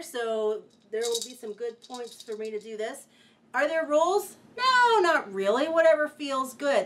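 Cheerful woman teaching kids music. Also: on the high side. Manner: cheerful, playful, chanting rhymes. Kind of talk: children's music lesson.

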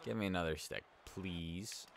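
A young let's-play gamer with a deep, gravelly voice gives slow, measured commentary on a hockey video game. Sleepy and yawning, he reacts out loud to every play in a laid-back, casual way.

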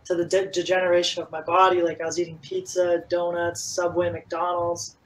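The recording is rough, and the man's high voice moves briskly. He's a fitness coach in an interview, animated and casual, leaning heavily on "like" as he tells his stories.

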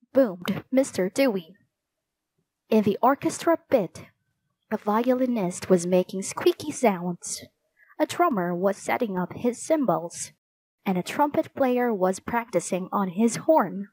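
A woman narrating a children's storybook in a clear, expressive read-aloud manner. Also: medium pitch, slow, no echo. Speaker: audiobook narrator.

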